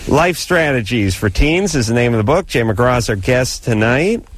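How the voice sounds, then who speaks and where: A man's voice: medium pitch, animated, normal speed. A man hosting a late-night radio call-in show, joking and rambling in a dry, teasing way. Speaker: radio host. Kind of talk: casual radio banter.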